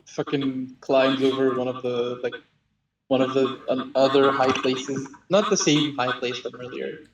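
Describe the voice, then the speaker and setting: A man's voice: medium pitch, fairly even intonation, distant mic, slight background noise. Laughing man telling a story, echoey room. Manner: halting, many fillers, laughs often. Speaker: role-play partner. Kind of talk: casual collaborative storytelling.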